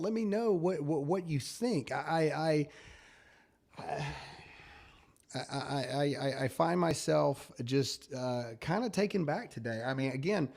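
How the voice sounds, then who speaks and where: A man's voice: a little high, vocal fry. A man hosting a casual talk show, emphatic and pleading, often stammering and repeating himself. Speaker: show host.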